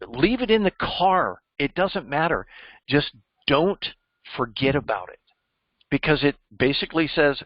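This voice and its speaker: A man's voice: a little high, big pitch swings, slow, pauses often, no echo, highs cut off. A man mentoring a group on job interviews, emphatic and teacherly, quizzing his listeners as he goes. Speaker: cybersecurity mentor. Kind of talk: coaching discussion.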